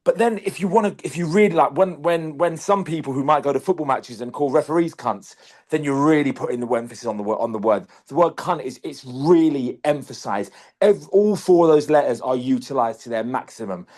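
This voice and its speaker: A man's voice: on the high side, fairly quick, darkish tone. Emphatic sweary man. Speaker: podcast co-host. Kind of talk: casual podcast chat.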